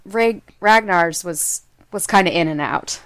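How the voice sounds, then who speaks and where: A young adult woman co-hosting a podcast in casual chat, playful and teasing, reasoning her guesses out loud. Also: lowish voice, measured pace, smooth. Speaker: podcast co-host.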